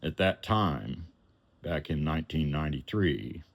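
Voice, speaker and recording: A man telling a personal story in an animated way, acting out the voices of the people in it and chuckling now and then. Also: very deep voice, measured pace, vocal fry.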